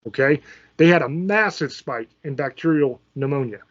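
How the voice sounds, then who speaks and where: A man's voice: a little high, expressive, normal speed, highs cut off. A man from Virginia, hosting his channel in an angry, profane political rant. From Virginia, USA. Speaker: channel host. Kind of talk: ranting political commentary.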